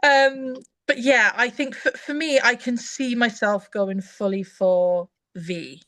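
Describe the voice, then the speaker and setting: A woman's voice: fairly high pitch, slow pace, fairly bright tone. A young woman chatting eagerly as a podcast guest, rambling with restarts. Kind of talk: casual chat.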